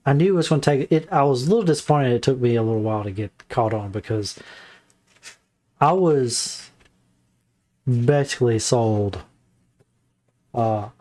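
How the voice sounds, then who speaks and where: Man, mid pitch, casual book review, rambling, halting, full of fillers. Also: a little mellow.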